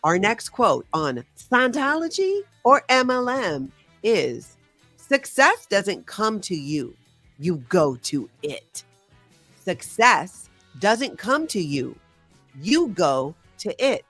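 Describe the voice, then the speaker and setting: A woman's voice: medium pitch, big pitch swings, takes it slowly, fairly bright tone, no room sound. Brief: woman host, live stream, upbeat chat reader, dry close sound, faint music under. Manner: reads out chat names and scores, upbeat.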